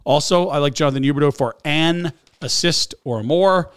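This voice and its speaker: A man's voice: on the high side, moderate pace, clean tone, no room sound, clean studio sound. Stat-rattling male hockey co-host. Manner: talkative analyst, rattles off trades and stats, laughs easily. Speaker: sports radio co-host. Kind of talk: hockey analysis chat.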